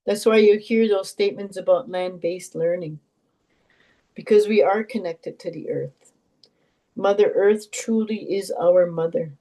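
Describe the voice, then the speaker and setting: A woman's voice: mid-range voice, rough recording. Older woman telling heartfelt teaching stories. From Canada. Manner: gentle, heartfelt, speaks with repetitions and pauses. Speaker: Elder and knowledge keeper. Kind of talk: reflective storytelling teaching.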